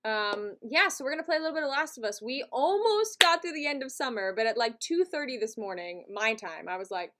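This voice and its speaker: A woman's voice: on the high side, lively intonation, fairly quick, few pauses, pushed and bright. A woman hosting a live stream, chatting casually and giggly with her viewers from a home setup. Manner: chatty and giggly, talks to chat.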